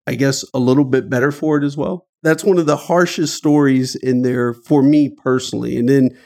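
A man's voice: fairly even intonation, normal speed, creaky, a little mellow. A middle-aged man from Dayton, Ohio, telling an emotional personal story as an interview guest. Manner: earnest, emotional, rising pitch at painful moments. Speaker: guest author.

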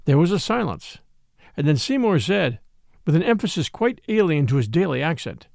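A man narrating a mystery story in a measured, expressive storytelling manner. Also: a little high, creaky, dry recording, clean studio sound.

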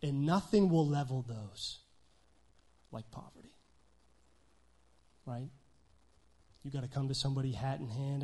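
A man preaching a sermon in a conversational style, often checking in with "right?" and swinging between loud emphasis and quiet asides. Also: mid-range voice, expressive, a little slow, long pauses. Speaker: pastor.

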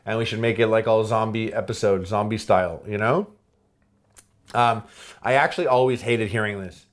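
Man, podcast host, casual chat, laughs a lot, quick impressions of quoted lines. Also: on the low side. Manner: reads game quotes aloud with quick impressions, laughs often.

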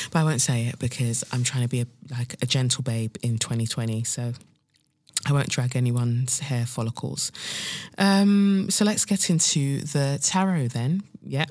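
A woman's voice: extremely low pitch, normal speed, a little mellow, no room sound. A woman hosting a podcast in a casual solo chat, slangy and self-hyping, full of fillers. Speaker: podcast host.

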